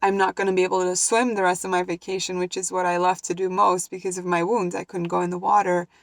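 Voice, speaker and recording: A woman's voice: on the low side, level tone, fast talker, no echo. A young woman earnestly sharing a personal story in a vlog, emotional and heartfelt, often restarting her sentences. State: emotional, near tears. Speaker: vlogger. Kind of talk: personal reflective talk to camera.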